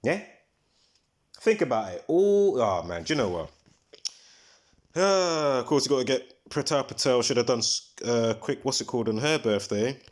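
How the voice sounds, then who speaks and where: Hosting a livestream, this man talks casually at a normal speed in an expressive, middle-pitched voice. His commentary rambles, his words land with strong emphasis, and he frequently stops partway through a thought to dredge up a detail.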